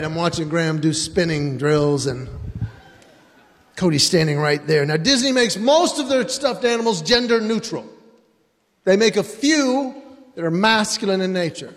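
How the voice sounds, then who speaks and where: A middle-aged man doing animated stand-up comedy for a live audience, acting out stories about his children. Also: sits high, in a large hall. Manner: animated storyteller acting out his kids and himself.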